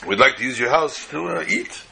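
A man's voice: medium pitch, expressive, brisk, vocal fry, pushed and bright, slight background noise, pitched above the performer's own voice, heavily acted. A man voicing two well-dressed traveling men who talk insistently and heartily. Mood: polite.

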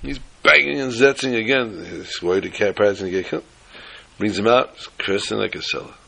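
A man teaching an informal Torah class, telling jokes and stories with lively jumps in pitch for emphasis. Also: brisk, creaky. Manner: animated storyteller who jumps to high pitch for emphasis.

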